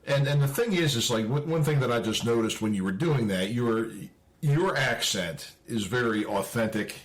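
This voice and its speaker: A man's voice: mid-range voice, expressive, normal speed. A man with a Baltimore accent hosting a podcast in a casual conversation, easygoing, with many backchannels and stammered starts. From Baltimore, Maryland. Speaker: podcast host.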